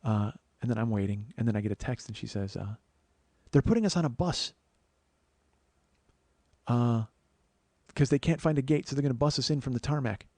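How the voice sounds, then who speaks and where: A man's voice: medium pitch, fairly even intonation, fast talker, mellow, no echo. A man in his forties hosting a podcast, telling a long comedic personal story. He acts out both sides of the conversations and swears casually, with frequent restarts. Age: 40s. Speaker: podcast host.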